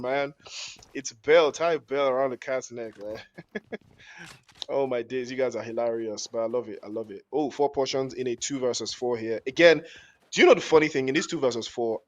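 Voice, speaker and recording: Jokey slangy male esports caster. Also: medium pitch. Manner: jokey, rambling, slangy, laughs often. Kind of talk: live esports commentary mixed with chat banter.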